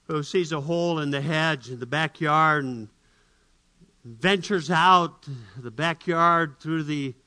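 Bright-voiced man telling a story, acts out the characters, high voice. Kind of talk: storytelling illustration.

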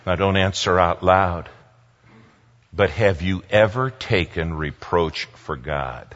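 A man preaching a sermon, swinging from loud exclamations to hushed near-whispers. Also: low-pitched, expressive, slow pace. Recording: long hall reverb, slightly dull sound.

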